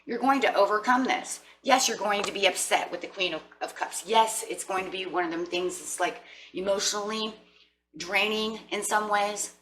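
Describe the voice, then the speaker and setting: A woman's voice: mid-range voice, moderate pace, slight background noise, poor audio. A woman giving a casual, chatty tarot reading to her viewers, often acting out what people say to themselves. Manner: chatty, animated, acts out inner voices. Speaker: tarot reader.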